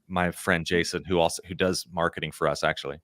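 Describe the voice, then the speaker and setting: A man's voice: deep voice, fairly even intonation, fast, a bit bright, no room sound, clean studio sound. A man in his thirties, a podcast guest, telling a story in a casual, rambling way full of "like" and "you know".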